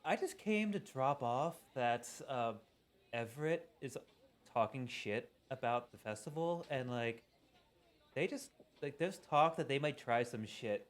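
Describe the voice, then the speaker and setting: A man's voice: medium pitch, animated, a little slow, lightly acted. A man voicing a vain, catty teenage girl influencer in a tabletop role-play, gushing and slangy with dismissive sighs. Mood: gossipy.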